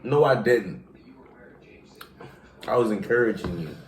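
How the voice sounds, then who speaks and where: A man's voice: fairly low pitch, animated, measured pace, reverberant. A man vlogging a spicy noodle challenge at home, talking loosely, laughing and cursing as the heat builds. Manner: loud, laughing, swearing while eating hot noodles. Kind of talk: casual chat.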